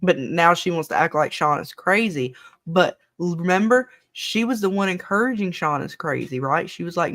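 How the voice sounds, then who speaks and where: Co-host ranting about a tv episode, cusses a lot, jumps around, mid-pitched voice. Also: expressive, normal speed, a bit bright. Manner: blunt, profane, rambling. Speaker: show co-host. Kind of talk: casual live episode discussion.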